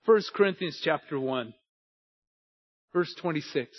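A man preaching a sermon with an emphatic, repetitive cadence that builds to shouting. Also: on the high side, expressive, normal speed. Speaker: pastor. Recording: dull lo-fi sound.

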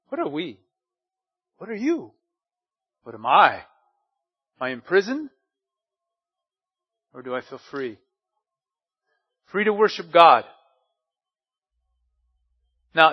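A man, a pastor, preaching a sermon at a church service, talking in a relaxed, conversational way and often asking his listeners rhetorical questions. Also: medium pitch, highs cut off.

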